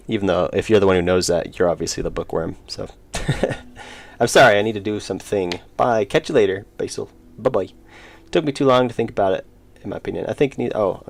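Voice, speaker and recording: A man's voice: lowish voice, vocal fry, a little mellow. A young man streaming his indie game work, rambling casually and reading chat aloud with self-deprecating jokes. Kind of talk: casual live-stream chat while working.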